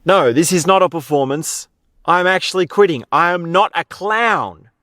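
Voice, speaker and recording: A man's voice: fairly high pitch, lively intonation, brisk, a bit bright, no room sound, clean studio sound, pitched above the performer's own voice. A man voicing a bitter male circus clown who insists he is quitting, in an exasperated, insistent way.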